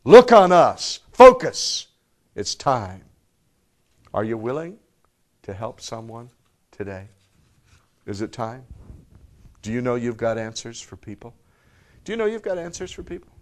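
A man preaching a sermon to a live congregation, firing off rhetorical questions and swinging between loud emphatic bursts and hushed low tones. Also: lively intonation, normal speed, pauses often. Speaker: pastor.

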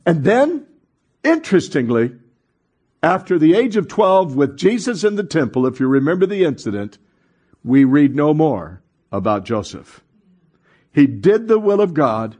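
A man preaching a sermon as pastor, animated, calling on the congregation to respond and acting out voices in his stories. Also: on the high side, measured pace, husky.

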